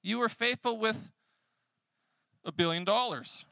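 A man preaching a sermon in a conversational way, swinging between loud emphatic lines and hushed quiet ones. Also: high voice, measured pace, vocal fry, no echo. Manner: conversational preaching with casual fillers. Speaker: pastor.

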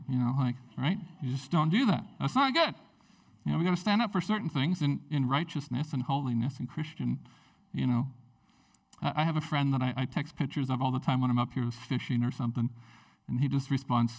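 A male pastor preaching a sermon in a conversational, animated way, with frequent fillers and restarts. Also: on the high side, brisk, distant mic.

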